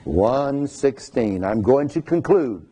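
A man's voice: medium pitch, animated, slow pace, dark tone, breathy edge, rough recording. A male pastor preaching a sermon, reading scripture aloud in a formal cadence and breaking into folksy asides to his congregation.

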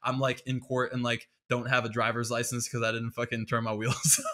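A man's voice: mid-range voice, completely flat delivery, fairly quick, fairly bright tone. Profane, sarcastic man ranting. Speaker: podcast host. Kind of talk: ranting comedic monologue.

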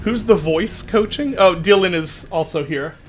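A man's voice: high voice, moderate pace, slight background noise. A man with an unusual, odd-sounding voice, chatting in a rambling, self-deprecating way while streaming a game and exclaiming at his mishaps. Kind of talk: casual chat while playing a game.

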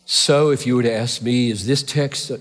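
A man's voice: mid-range voice, fairly even intonation, moderate pace. A man preaching a sermon with fervor, driving his points home through repeated rhetorical questions. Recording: long hall reverb.

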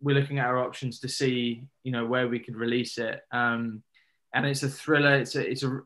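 A man, an actor, chatting as a guest over a video call in a relaxed, rambling way with many fillers. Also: medium pitch, moderate pace. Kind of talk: casual interview chat.

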